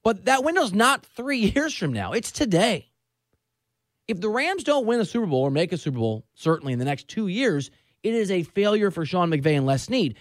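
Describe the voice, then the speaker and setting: A man's voice: high-pitched, very animated, moderate pace, dry recording. A middle-aged man hosting a sports talk show, chatting casually with sarcastic, self-mocking humor. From Southern California.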